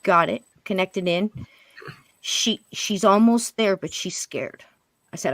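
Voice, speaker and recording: A woman telling a spirit story as a guest medium on a paranormal interview show, acting out what she and others said and dropping into a hush at times. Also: fairly low pitch, moderate pace, no echo. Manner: animated, quotes spirits and herself in hushed voice.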